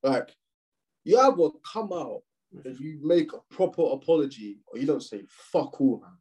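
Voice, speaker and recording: A young man, co-hosting a podcast in casual, slangy chat full of swearing and animated rants. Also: on the high side, normal speed, slightly rough, low-quality recording. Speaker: podcast co-host.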